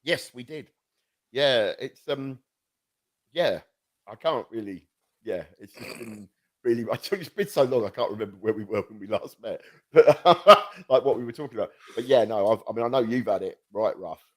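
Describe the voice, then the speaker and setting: A man co-hosts a casual podcast chat, rambling and poking fun at himself with frequent restarts. He speaks into a new podcast microphone in a mid-range voice, with lively intonation and at normal speed.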